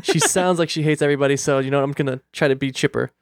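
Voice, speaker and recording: A young man telling a story in casual chat, animated and acting out the quoted dialogue. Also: mid-range voice, very fast, dry recording, studio quality. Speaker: guest storyteller.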